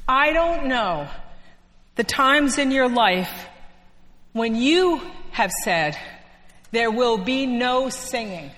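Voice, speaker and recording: A woman preacher giving a sermon in a church, telling the story in an unhurried way with dramatic pauses. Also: on the high side, fairly bright tone. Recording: long echo of a church hall.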